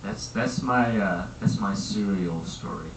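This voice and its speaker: A man's voice: sits low, unhurried, vocal fry, reverberant, noisy background. A young man chatting casually to a camera, hesitant and repeating his words with many fillers. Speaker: host. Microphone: camera mic.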